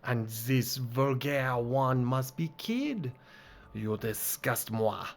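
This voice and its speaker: A man's voice: medium pitch, animated, takes it slowly, gravelly. A man voicing a flamboyant, flirtatious female jester who speaks with a put-on French accent and drops in French words. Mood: flirty mocking.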